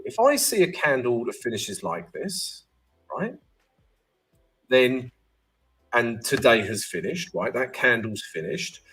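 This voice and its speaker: Live-stream host, man, husky voice with lots of pitch movement, casual teacher who greets chat by name. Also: a bit bright. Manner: chatty, keeps asking "right?" and greeting viewers by name. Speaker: trading educator hosting a live stream.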